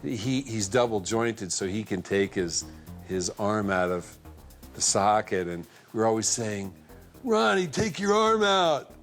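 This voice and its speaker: A man from a film's cast or crew reminiscing in an interview, relaxed and conversational. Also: on the low side, measured pace, soft background music. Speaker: film cast or crew member. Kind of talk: anecdotal interview.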